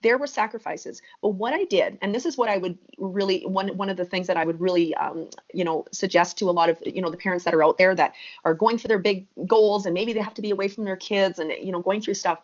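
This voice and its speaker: Woman, 30s, podcast guest; lively emphatic storyteller, mid pitch, dull lo-fi sound. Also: quick pace. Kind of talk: podcast interview. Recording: muffled lo-fi audio.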